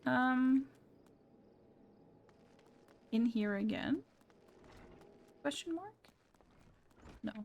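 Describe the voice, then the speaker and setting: A woman's voice: high-pitched, lively intonation, extremely slow, vocal fry, long pauses, muffled recording, slight background noise. A young woman streamer giving casual, giggly, chatty commentary while playing a game. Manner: giggly, chatty, self-deprecating.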